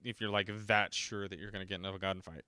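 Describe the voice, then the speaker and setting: Man, casual profane movie ranter, smooth voice, dry close sound, mocks characters in put-on voices. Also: low-pitched, fairly even intonation, fast talker, sharp tone, dry recording. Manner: profane, sarcastic, acts out quotes in mocking voices. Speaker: podcast host reviewing a horror movie. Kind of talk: casual ranting movie commentary. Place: home.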